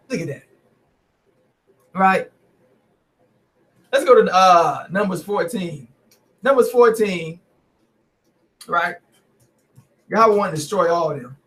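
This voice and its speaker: Man, high voice, preacher, animated, mocking, lots of "right?". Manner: animated, mocking, stumbling restarts, frequent "right?". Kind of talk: scripture teaching with commentary.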